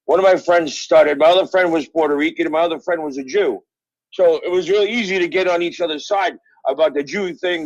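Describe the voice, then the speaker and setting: On the high side, this middle-aged man's voice comes through a dry recording of dull phone-call audio. He's an author from Brooklyn, New York, a guest in a casual interview who tells rambling, profane stories stuffed with fillers.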